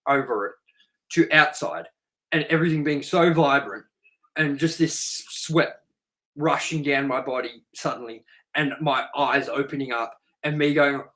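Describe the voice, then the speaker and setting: In an unhurried, medium-pitched voice captured on a low-quality recording, a podcast host shares stories openly. He curses without restraint and brings quoted voices to life with lively impressions.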